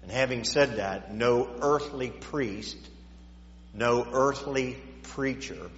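A man's voice: medium pitch, slow, a little hiss or hum. A man preaching a sermon in a church, repeating words as he stammers and rising and falling in volume. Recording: echoey dull church hall recording.

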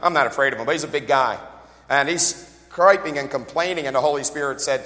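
A middle-aged male pastor preaching a sermon, animated, with jokes, asides and voices he quotes. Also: mid-range voice, brisk, long reverb tail. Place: church.

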